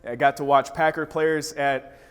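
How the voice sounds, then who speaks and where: A man's voice: fairly high pitch, little pitch movement, moderate pace, clean tone. A man from Wisconsin giving a motivational talk, telling a story with vivid energy. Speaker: speaker. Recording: reverberant hall.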